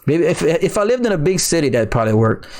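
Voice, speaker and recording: A middle-aged man from Louisiana with a Cajun accent, chatting casually on a crypto livestream, reading viewer comments in an excitable, slangy way. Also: a little high, fast talker. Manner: excitable, laughing, slangy, says "bruh".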